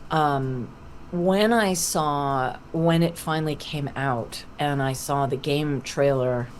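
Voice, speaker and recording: A middle-aged woman, a voice actor, being interviewed on a podcast over a video call, telling animated stories full of acted-out quotes. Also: low voice, takes it slowly, a little hiss or hum. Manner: lively anecdotal storytelling with acted-out quotes. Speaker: voice actor guest.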